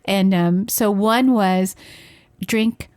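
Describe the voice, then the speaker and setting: A woman's voice: medium pitch, extremely slow, clear, resonant tone. A woman co-hosting a podcast, telling stories in casual chat and acting out the conversations she recounts. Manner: animated storyteller acting out dialogue. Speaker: podcast co-host, parent.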